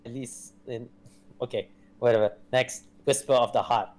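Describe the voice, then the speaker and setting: A man in casual chat, halting and repeating words as he cuts in. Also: mid-range voice, fairly even intonation, poor audio.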